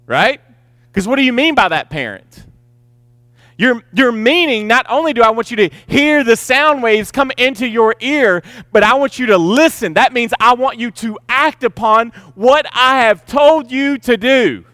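Emphatic high-voiced male preacher. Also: sharp tone, no echo. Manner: emphatic, repeats key words, slows to stress points. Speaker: pastor. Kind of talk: sermon.

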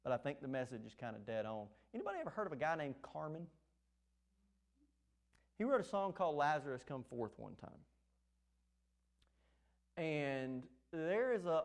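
A man preaching a sermon as pastor, speaking emphatically and repeating his phrases for weight. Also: a little high.

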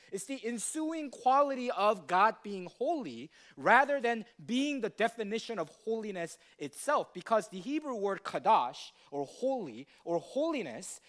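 A man's voice: sits high, fairly bright tone. A male pastor preaching a sermon in a teacherly way, often checking in with the congregation with questions. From United States.

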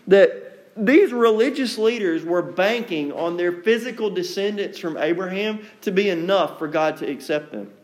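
A man preaching an evening sermon to a congregation, talking in a conversational, folksy way and acting out quotes with sarcasm. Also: sits high. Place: church room with a congregation.

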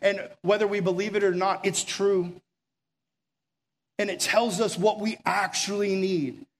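A man's voice: high-pitched, fairly even intonation. A man preaching a casual sermon, telling stories and acting out the voices in them. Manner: casual storytelling, acts out quoted voices, drops to soft and slow near the end.

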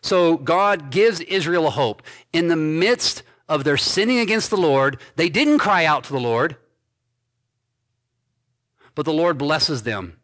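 A man pastor preaching an expository sermon, reading scripture aloud and commenting on it with emphatic stresses and quiet endings. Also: fairly high pitch. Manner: emphatic preaching, swinging between loud stresses and dropped soft endings.

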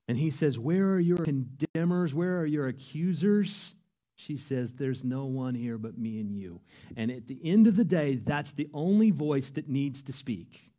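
A man preaching a sermon, earnest and emphatic, his voice rising to loud peaks. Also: mid-range voice. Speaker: pastor.

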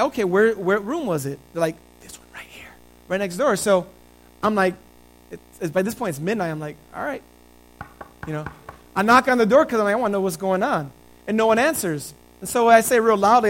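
A man's voice: sits high, poor audio. A male pastor preaching a conversational sermon and telling stories to his congregation.

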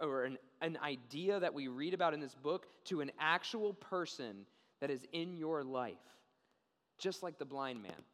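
A young man preaching a sermon, telling a story in a casual, animated way and often checking in with "okay?". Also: high-pitched. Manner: animated storytelling, acts out quoted voices. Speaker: pastor. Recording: long reverb of a large hall.

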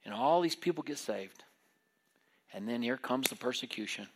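A man preaching a sermon in an animated way, acting out the voices of biblical figures as he retells their stories. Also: mid-range voice, moderate pace, a little hiss or hum.

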